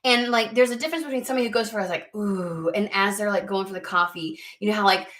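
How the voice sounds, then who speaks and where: A woman's voice: medium pitch, fast, fairly bright tone. Frank, profane woman giving a tarot reading. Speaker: tarot card reader. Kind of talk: casual tarot reading to camera.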